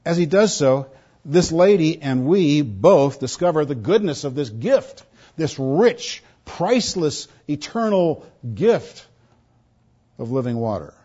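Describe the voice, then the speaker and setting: Pastor, male, emphatic sermon delivery with repetition, a touch high-pitched, dull lo-fi recording. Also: big pitch swings, slow pace, warm tone, slightly rough. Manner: emphatic, repeats words for stress.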